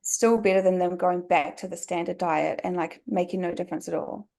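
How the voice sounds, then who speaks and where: A woman's voice: on the low side, steady tone, a little fast, vocal fry, mellow. A young woman from New Zealand with a New Zealand accent, a podcast guest talking casually and filling her sentences with "like". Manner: chatty, many "like" fillers.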